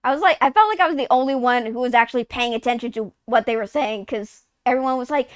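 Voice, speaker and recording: A woman's voice: on the high side, fast talker, few pauses, clear, resonant tone, no room sound. A woman in her twenties from Texas, chatting casually on a live stream, rambling, swearing often and saying "like" constantly. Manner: rambling, profane, heavy use of "like".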